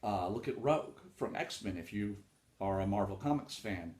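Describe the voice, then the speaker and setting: A man's voice: on the low side, animated, moderate pace, darkish tone, roomy sound. A man hosting a casual solo talk on writing craft, rambling and informal with frequent fillers and some swearing. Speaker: podcast host talking about writing.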